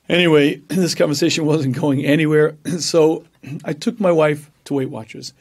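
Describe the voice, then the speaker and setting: Animated man lecturing with throat clearing. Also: a little high, moderate pace. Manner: animated storytelling, acts out voices, frequent throat clearing. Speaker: rabbi and lecturer. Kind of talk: Torah lecture.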